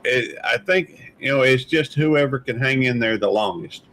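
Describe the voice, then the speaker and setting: A man's voice: mid-range voice, moderate pace, fairly bright tone, a little hiss or hum, low-quality recording. Man, stream host, casual panel chat, mid-range voice, rambling, hesitant. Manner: rambling, hesitant, many fillers and restarts. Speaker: channel host.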